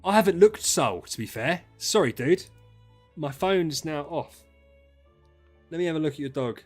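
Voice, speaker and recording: Young streamer, slightly higher voice, heated rants, swears a lot. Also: male voice, moderate pace, faint music behind. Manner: ranting, animated, swears freely. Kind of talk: casual livestream chat.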